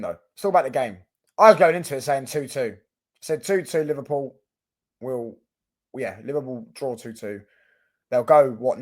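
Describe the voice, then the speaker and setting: A man's voice: mid-range voice, darkish tone. A young man, a football fan vlogger ranting in casual commentary. He repeats himself, restarts often and swears freely.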